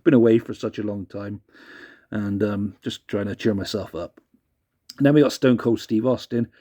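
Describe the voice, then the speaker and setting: Mellow-voiced man chatting casually. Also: lowish voice, steady tone, moderate pace. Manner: self-deprecating, apologetic, chuckling asides. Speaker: vlogger reviewing a CD. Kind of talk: casual rambling chat.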